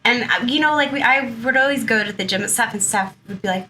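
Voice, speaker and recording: Bright, chatty woman in her thirties. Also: medium pitch, fairly quick, a little hiss or hum, low-quality recording. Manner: chatty, heavy use of "like" and "you know". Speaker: guest. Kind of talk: personal interview storytelling.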